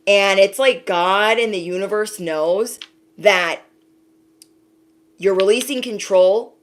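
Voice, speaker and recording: A woman's voice: medium pitch, slow, pauses often. A woman, an intuitive card reader, giving a casual spiritual reading to her viewers, talking emphatically with a lot of repetition and some casual swearing.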